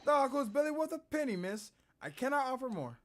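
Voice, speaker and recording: A stern middle-aged pawnbroker, as a man plays him, curt and dismissive with his customers. The voice is fairly high and rises and falls a lot. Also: sing-song, fast talker, a bit bright, heavily acted.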